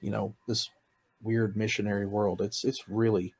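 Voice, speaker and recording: A man with a somewhat low voice talks about his ministry work in a casual interview. He is enthusiastic and upbeat, laughing often and slipping into the voices of the students he describes. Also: level tone, normal speed, darkish tone, breathy edge. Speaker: campus missionary.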